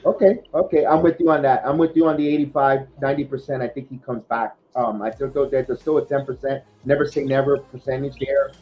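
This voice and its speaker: A man's voice: mid-range voice, fairly even intonation, quick pace, few pauses. A man hosting a casual sports podcast, talking in a rambling way with lots of fillers and restarts. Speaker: podcast host. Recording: dull lo-fi podcast audio.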